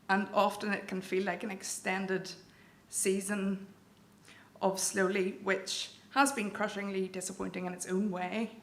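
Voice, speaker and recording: A woman's voice: medium pitch, fairly bright tone. A young woman from County Down with a Northern Irish accent, telling a personal story to a live audience in a candid, wry way. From Northern Ireland, County Down. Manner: candid, self-deprecating, wry. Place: event venue with audience. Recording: echoey hall with faint room noise.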